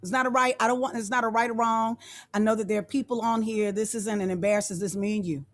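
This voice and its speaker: Woman guest speaker, fairly high voice, affirming motivational tone, repeats phrases, video call. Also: fairly even intonation, fast talker. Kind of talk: motivational talk to students.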